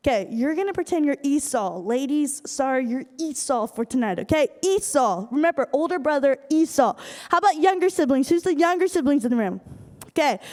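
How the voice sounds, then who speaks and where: High-voiced young woman in a hall. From Iowa. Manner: animated storytelling with acted asides. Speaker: youth speaker. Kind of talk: youth group talk. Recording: hall reverb from a live room.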